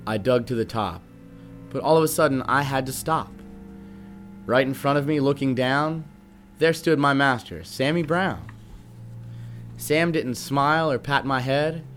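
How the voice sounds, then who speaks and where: A young man reading a rhyming children's picture book aloud at a steady, rhythmic pace. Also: medium pitch, measured pace, soft background music. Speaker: guest reader, band musician.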